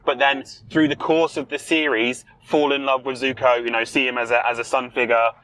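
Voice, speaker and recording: A young man co-hosting a podcast in casual chat, talking in an opinionated, emphatic way with quick rebuttals. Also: mid-range voice, level tone, a bit bright, poor audio. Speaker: podcast co-host.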